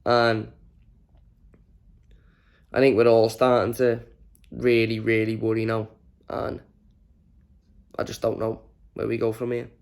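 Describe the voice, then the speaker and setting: Tired angry guy doing a match reaction rant, swearing, mid pitch, running on no sleep. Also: completely flat delivery, slow pace, gravelly, long pauses. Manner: frustrated, exasperated and swearing. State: exhausted from little sleep. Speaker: fan channel host.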